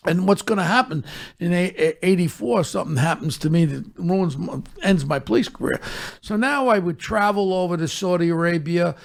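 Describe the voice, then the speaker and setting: Older New man, gravelly and high-pitched, profane storyteller, blunt street talk. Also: moderate pace. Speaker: storyteller on his own podcast. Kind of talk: casual storytelling.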